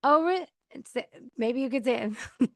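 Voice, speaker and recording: A woman's voice: sits high, expressive, measured pace, creaky, fairly bright tone, no room sound, studio quality. A woman hosting a podcast, talking casually about choosing peace, acting out quoted replies and laughing now and then. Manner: chatty, acts out quoted replies, laughs often. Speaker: podcast host. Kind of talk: casual advice monologue. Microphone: mic on a counter.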